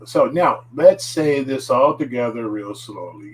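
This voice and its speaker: A man teaching a casual spoken lesson, patient and chatty, slowly drilling words for listeners to repeat, with frequent fillers and self-corrections. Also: mid-range voice, big pitch swings, a little hiss or hum, poor audio. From United States. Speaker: language teacher.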